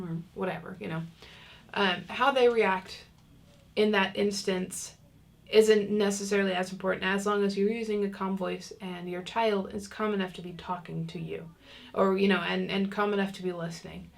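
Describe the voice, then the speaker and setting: Chatty woman with a creaky voice. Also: medium pitch, fairly even intonation, normal speed. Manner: chatty, many fillers, acts out kids' lines. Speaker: parenting class teacher. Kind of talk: casual online lesson.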